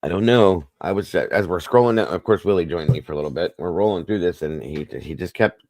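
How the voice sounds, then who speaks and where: A man's voice: low voice, quick pace, darkish tone, no echo. A man co-hosting a casual morning livestream, chatty and joking as he greets viewers by name. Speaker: livestream co-host.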